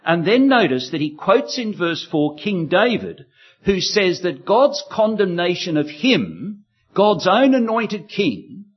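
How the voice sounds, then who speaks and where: A male preacher delivers an expository sermon with a husky, slightly raised voice that swings widely in pitch. He sets up contrasts in emphatic, rhythmic pairs. The recording is dull and lo-fi. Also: sing-song, slow pace.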